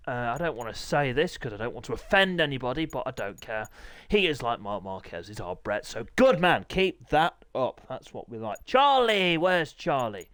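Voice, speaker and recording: A man hosting and commentating a sim racing league, chatty and jokey, teasing the riders and clearing his throat often. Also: mid-range voice, fairly bright tone, dry recording, studio quality. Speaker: race commentator and league host.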